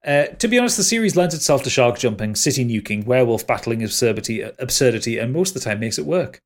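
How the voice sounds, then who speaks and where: A man's voice: medium pitch, animated, quick pace. A man co-hosting a casual gaming podcast, with wry, playfully exaggerated remarks. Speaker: podcast co-host. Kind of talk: casual chat.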